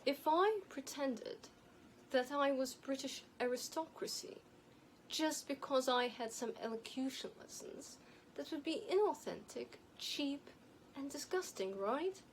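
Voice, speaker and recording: Woman with a light non-native accent giving style advice to camera, kinda high voice, slow and emphatic. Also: slight background noise, rough recording. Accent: light non-native, elocution-trained. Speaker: image and style consultant.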